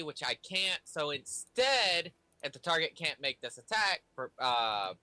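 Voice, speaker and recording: A man at a tabletop game talks through his spells with a bright, slightly high voice. He reads the rules haltingly, with many pauses and fillers. The sound is dry and close to the mic. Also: no echo. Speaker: player. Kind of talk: casual tabletop play.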